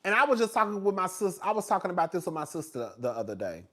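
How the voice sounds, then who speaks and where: Animated man in his forties dishing gossip. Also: sits high, fast talker. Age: 40s. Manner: animated, laughs often, calls listeners girl. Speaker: reality TV commentator. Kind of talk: casual gossipy commentary.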